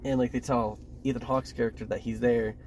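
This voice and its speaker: A young man co-hosting a podcast, calmly walking through plot points in casual chat. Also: medium pitch, fairly quick, slight background noise. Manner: steady plot recapping, frequent agreeing "yeah". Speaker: podcast co-host.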